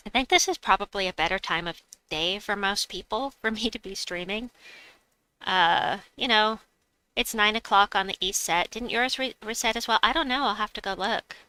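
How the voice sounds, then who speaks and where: A woman's voice: medium pitch, moderate pace, pushed and bright, clean tone, dry recording, rough recording. A woman streaming a game, chatting casually, reading viewers' messages aloud and laughing often. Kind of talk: casual live-stream chat.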